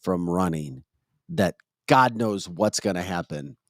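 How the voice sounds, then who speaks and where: Male host, lowish voice, very lively pitch, emphatic, dry close mic. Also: slow pace, dry recording. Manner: emphatic, drops low for punchlines. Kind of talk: political talk show banter.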